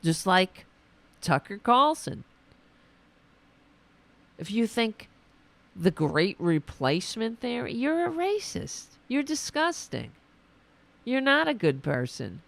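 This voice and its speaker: Gravelly, indignant woman ranting slowly. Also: medium pitch, fairly bright tone. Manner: indignant, profane, repeats and restarts. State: losing her voice. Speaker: podcast host. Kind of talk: political commentary rant.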